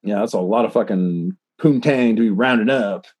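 Having had a few drinks, a man co-hosting a podcast swears and rambles while reading out articles, stumbling into many restarts. His fairly low voice is a little mellow and slightly rough, at normal speed with no echo.

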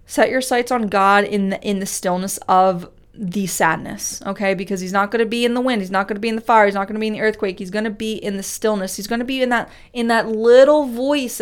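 A woman's voice: medium pitch, smooth. Earnest woman giving a devotional talk. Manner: earnest and conversational, repeats key phrases for emphasis; reads scripture aloud with slow, weighty delivery. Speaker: speaker teaching a Bible study.

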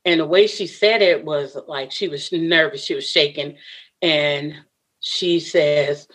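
A woman's voice: low-pitched, slow pace, a bit bright. A woman guest in an interview, earnestly recounting a personal story and acting out what others said to her. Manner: earnest, emotional, often voices what others said.

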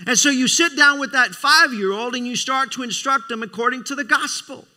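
A middle-aged male preacher with a high, very bright, cutting voice. He preaches emphatically, repeats his phrases for weight and keeps asking the congregation for an amen. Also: brisk. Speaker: preacher, Christian school leader. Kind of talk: sermon.

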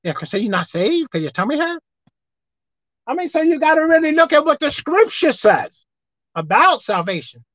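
A woman preacher delivering a sermon, swinging between loud emphatic outbursts and quiet asides. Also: sits high, very animated, moderate pace, no room sound. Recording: dull lo-fi dry sound.

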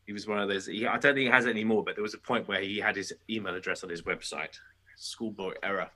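Rapid, bright-voiced man. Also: fairly low pitch. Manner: animated storyteller, quick restarts. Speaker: guest musician. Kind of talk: casual podcast chat.

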